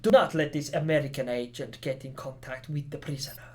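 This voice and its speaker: Gamer putting on a villainous village chief, attempted Spanish accent, hammy, low muttered reading. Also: a little fast, lightly acted. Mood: menacing.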